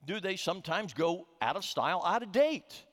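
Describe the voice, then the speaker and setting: A man's voice: high-pitched, lively intonation, moderate pace. A middle-aged man preaching a sermon as a pastor, telling a humorous story with frequent restarts, in a reverberant sanctuary. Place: church sanctuary.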